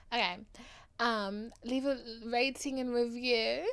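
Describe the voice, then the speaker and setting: A woman hosting her own podcast in casual chat, overdramatic and playful, loopy and tired late at night, dropping to hushed asides and then rising to loud declarations. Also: fairly high pitch, fairly even intonation, takes it slowly, smooth. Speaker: podcast host.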